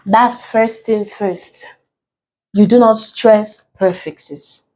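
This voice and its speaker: A woman with a Nigerian English accent tutoring an exam-prep lesson, slow and deliberate, repeating key points as she writes on a board. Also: medium pitch, fairly even intonation, darkish tone, low-quality recording.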